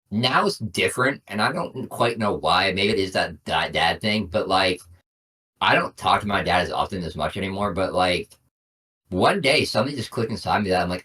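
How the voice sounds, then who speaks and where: A man's voice: sits low, sharp tone, distant mic. A young man co-hosting a casual podcast, telling long stories with lots of "I'm like.". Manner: rambling storyteller, lots of "I'm like". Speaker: podcast co-host. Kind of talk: casual chat.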